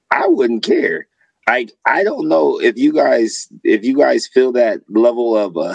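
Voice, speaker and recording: Gravelly-voiced man in loose podcast chat. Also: lowish voice, no echo, poor audio. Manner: animated, profane storytelling with laughs. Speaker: podcast co-host.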